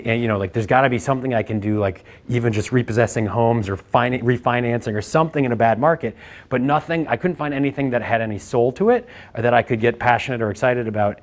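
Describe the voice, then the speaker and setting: A man in his thirties, a founder giving a candid storytelling talk, animated and profane, his voice jumping up when he relives his frustration. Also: lowish voice.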